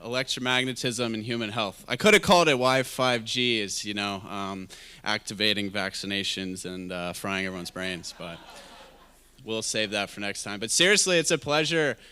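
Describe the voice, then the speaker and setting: A man's voice: lowish voice, moderate pace, pushed and bright, clear, resonant tone. A man giving a conference talk on a handheld microphone, opening with wry jokes. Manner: wry, joking opener. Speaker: guest speaker at a health summit. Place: live event venue.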